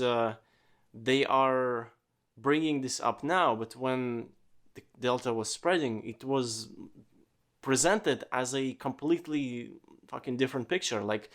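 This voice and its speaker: A man hosting a casual solo podcast, rambling with lots of fillers and swearing freely. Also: mid-range voice. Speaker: podcast host.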